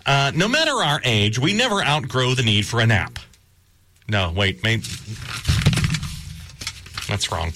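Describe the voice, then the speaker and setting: Rambling middle-aged radio DJ, bright voice. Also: male voice, medium pitch, big pitch swings, measured pace, pauses often, a little hiss or hum. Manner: rambling, self-deprecating storytelling. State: recovering from a cold. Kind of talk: casual radio chat.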